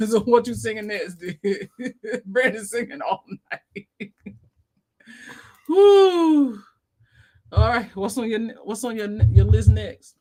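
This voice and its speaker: A woman's voice: on the high side, expressive, slow, pauses often, warm tone. A woman hosting a casual livestream chat, laughing constantly and reading viewer comments aloud. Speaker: livestream host.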